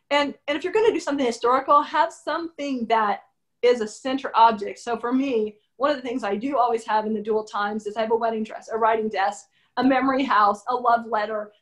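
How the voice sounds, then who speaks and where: Female author guest, higher-pitched, chatty and animated, acts out dialogue. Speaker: novelist being interviewed. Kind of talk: conversational interview answers.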